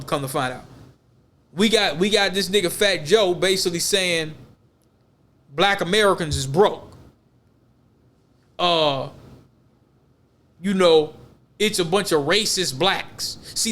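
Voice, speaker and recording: Male podcast co-host, high-pitched, casual and rambling, emphatic slang delivery. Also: animated, moderate pace, a bit bright.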